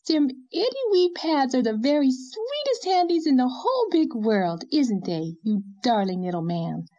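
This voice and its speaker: A woman's voice: very animated, normal speed, a little mellow, highs cut off. Name: Anne. Figure: a woman voicing a doting young mother in cooing baby talk. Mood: adoring. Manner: cooing baby talk, high and sing-song.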